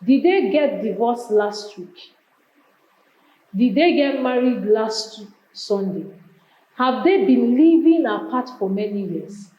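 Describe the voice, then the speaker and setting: A woman's voice: on the high side, lively intonation, takes it slowly, warm tone, muffled recording. A woman teacher with a Nigerian English accent, taking students through exam questions step by step and reading each option aloud. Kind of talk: exam revision lesson. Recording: echoey room.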